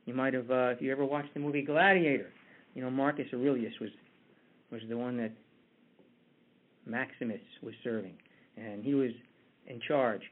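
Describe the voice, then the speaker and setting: A man's voice: medium pitch, fairly even intonation, normal speed, long pauses. A man giving a conversational motivational talk with a story, often restarting his words. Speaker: motivational speaker. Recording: tinny phone-like line.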